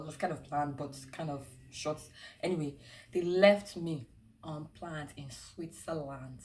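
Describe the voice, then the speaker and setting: Brief: young Nigerian woman, lower voice, chatty vlogger storytime, lots of fillers and laughs. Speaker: travel vlogger. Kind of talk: casual storytime.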